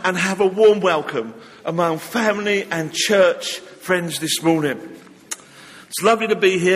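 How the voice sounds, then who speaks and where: A man's voice: fairly high pitch, a bit bright. A man leading a church service, giving notices in a chatty, informal way with light humor, and reading a psalm. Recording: long reverb of a church hall.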